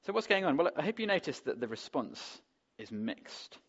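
A man's voice: on the high side, big pitch swings, moderate pace. A man preaching a sermon in a conversational way, often putting rhetorical questions to the congregation, on a dull lo-fi recording. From England.

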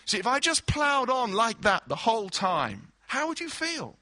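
A man's voice: very high-pitched, very animated, normal speed, pushed and bright, dry recording. A man preaching a sermon, explaining scripture through everyday illustrations and acted-out quotes.

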